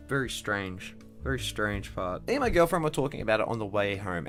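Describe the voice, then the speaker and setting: A young man at his home computer giving a casual movie review, rambling and profane, with many restarts. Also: medium pitch.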